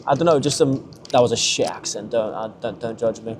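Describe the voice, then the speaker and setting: Brief: British lad, 18, loose rambling vlog talk, mid-pitched, street noise around. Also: male voice, a little fast, hardly any pauses. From Britain. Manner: rambling, swears casually. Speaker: travel vlogger. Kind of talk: casual vlog chat. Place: outdoors on windy city streets.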